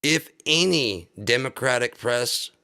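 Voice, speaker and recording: A man's voice: medium pitch, expressive, takes it slowly, sharp tone, clean tone. Swearing man ranting on a live stream. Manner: profane, heated and insulting. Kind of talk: angry political rant on a live stream.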